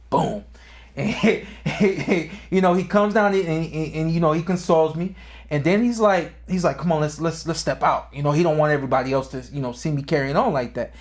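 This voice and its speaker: A man co-hosting a podcast, telling a personal boxing story in a casual way, acting out quotes, his voice climbing high when the story gets emotional. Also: a little fast. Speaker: podcast co-host and former boxer.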